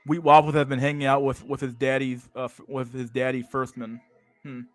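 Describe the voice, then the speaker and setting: A man's voice: mid-range voice, little pitch movement, brisk, faint music behind. A young man hosting a casual livestream, with profane, slang-heavy talk full of "dude" and "bro" and frequent restarts. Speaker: livestream host.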